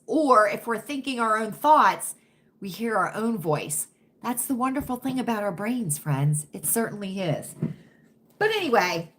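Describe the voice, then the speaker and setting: A woman hosting a casual livestream chat with her viewers, who keeps asking "right?" and now and then drops into a hushed whisper. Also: on the high side. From United States. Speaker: livestream host.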